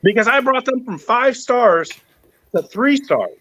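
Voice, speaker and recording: A man with a noticeably high voice hosts a casual podcast chat. He tells a long grievance story with lots of energy, acting out everyone he quotes and cursing freely. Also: unhurried, no echo, poor audio. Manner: animated, acts out quoted people, swears. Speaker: podcast host.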